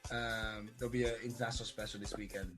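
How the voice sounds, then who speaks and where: A man's voice: lowish voice, level tone, fast, fairly bright tone, faint music behind. A man co-hosting a podcast in casual chat, who explains at length and tries out foreign phrases. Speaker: podcast co-host.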